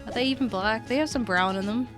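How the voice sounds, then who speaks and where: Woman streamer, gushing casual chat, game music clearly underneath. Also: a little high, fast. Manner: chatty, gushing, giggly.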